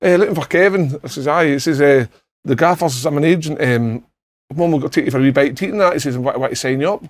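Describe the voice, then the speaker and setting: A man's voice: a little high, fast talker, dry recording. A middle-aged Scottish man telling sweary, laughing anecdotes in casual podcast chat, acting out other people's lines. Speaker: podcast panellist.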